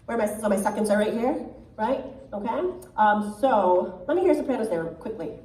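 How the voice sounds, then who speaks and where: Lively soprano woman coaching a choir, echoey hall. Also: medium pitch, moderate pace. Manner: encouraging, chatty, often asks "right?". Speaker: choir clinician giving critiques. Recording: echoey hall, mic far off.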